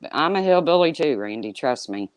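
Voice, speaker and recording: A hesitant woman with a Midwestern accent, co-hosting a casual chat and often stumbling over her sentences before finishing them. Her voice is notably low for a woman. It sounds dry and close, with no room around it. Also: very animated, brisk, dry recording. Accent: Midwestern American. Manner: hesitant, restarts often, apologetic.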